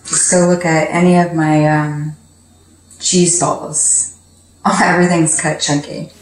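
Chatty woman with a lowish voice. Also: flat delivery, slow pace. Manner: chatty, laughs often. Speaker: cooking show host. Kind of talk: casual cooking chat. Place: home kitchen. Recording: echoey kitchen with music.

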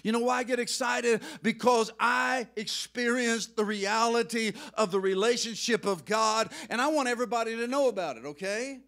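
High-voiced, fervent male pastor. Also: moderate pace, few pauses. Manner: emotional, excitable preaching with loud outbursts. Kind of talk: sermon. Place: church sanctuary.

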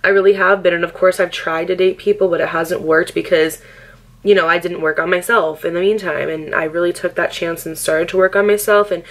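A woman's voice: on the low side, fairly even intonation, a little fast. A young woman vlogging in a casual chat, candid and upbeat, laughing often, heavy on "like" and swearing freely. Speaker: lifestyle vlogger. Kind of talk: casual get-ready-with-me chat.

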